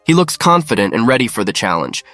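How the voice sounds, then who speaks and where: A man reading a scripted story recap in an even, matter-of-fact way. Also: medium pitch, fast talker, no echo, faint music behind. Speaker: narrator. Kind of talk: scripted narration.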